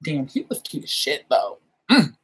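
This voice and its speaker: A young woman vlogger telling stories in a casual, animated way, acting out quoted voices with big jumps in pitch and laughing often. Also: normal speed, a little hiss or hum. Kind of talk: casual storytelling chat.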